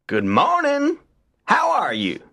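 A man voicing a friendly, talkative male rabbit who is quick to anger, in a high, slow, drawn-out voice. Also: wildly swooping pitch, gravelly, sharp tone, heavily acted.

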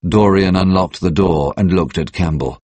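Audiobook narrator, man, very deep, husky, dry. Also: normal speed, darkish tone, no echo.

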